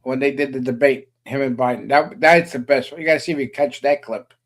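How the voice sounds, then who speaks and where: A man talking in a loose, meandering way on a casual political chat stream. He fills gaps with "uh" and throws in offhand jokes. His voice sits at an ordinary middle pitch. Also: fairly quick. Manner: rambling, many "uh" fillers, joking. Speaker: co-host.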